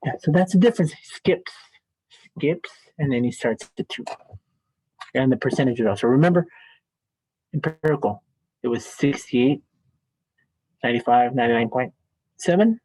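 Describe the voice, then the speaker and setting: A man's voice: medium pitch, expressive, normal speed, pauses often, darkish tone, husky, no room sound, poor audio. A man teaching statistics in a classroom lecture, chatty and joking as he thinks aloud at the board.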